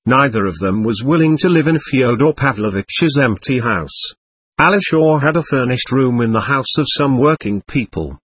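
Man, husky voice, lively pitch, dry close sound, audiobook narration. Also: moderate pace, dry recording. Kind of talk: scripted narration.

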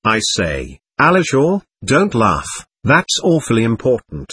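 A man's voice: mid-range voice, huge pitch swings, unhurried, bright, forceful tone, husky, no echo, full character voice. A man reading as a feverish teenage girl. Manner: breathless, intense, darting between teasing and pleading. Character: excitable capricious teenage girl, feverish and provocative.

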